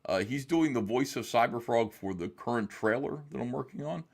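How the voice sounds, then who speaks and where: A man's voice: mid-range voice, lively intonation, moderate pace, gravelly, darkish tone. A man chatting casually as a guest on an interview show, rambling and hesitant with many fillers. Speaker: guest comic artist.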